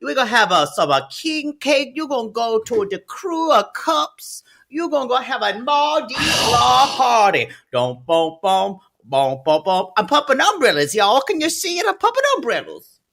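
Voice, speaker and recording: A man putting on an exaggerated Louisiana bayou mother with a shouty, drawn-out drawl. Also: very high voice, big pitch swings, pitched above the performer's own voice, heavily acted. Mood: hyped. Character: loud over-the-top Louisiana bayou mom.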